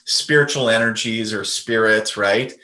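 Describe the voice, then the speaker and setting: A man's voice: fairly low pitch, unhurried, bright, forceful tone, reverberant. A man, a podcast guest and medium, telling a personal story in a casual, rambling way with lots of fillers and restarts.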